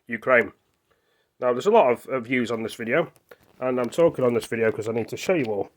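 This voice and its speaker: A man's voice: mid-range voice, fast. A man chatting casually while he reads news off a screen, rambling and stumbling over hard words, apologetic, sometimes talking with his mouth full. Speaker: vlogger.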